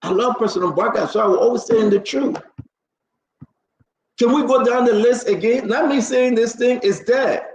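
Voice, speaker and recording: A man's voice: very high-pitched, normal speed, muffled recording. A man with a Liberian English accent giving heated, emphatic political commentary as a live-stream talk host, repeating his points and calling out panelists directly. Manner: emphatic and repetitive, hammering points home, speaks directly to panelists. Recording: roomy echo.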